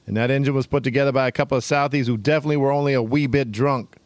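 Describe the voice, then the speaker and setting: A man voicing a brash, crude male car-lot pitchman in a put-on Boston accent with a touch of Irish, in a pushy sales patter. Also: steady tone, racing, dry recording, lightly acted. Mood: hard-sell. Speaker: podcast co-host.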